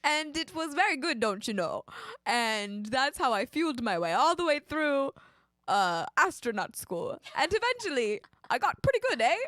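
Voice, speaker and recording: A woman's voice: sits high, big pitch swings, normal speed, fairly bright tone, no room sound, clean studio sound. A woman putting on a folksy Canadian astronaut. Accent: put-on Canadian. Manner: folksy, tacks on "eh" and "don't you know". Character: aspiring woman astronaut with a put-on Canadian accent.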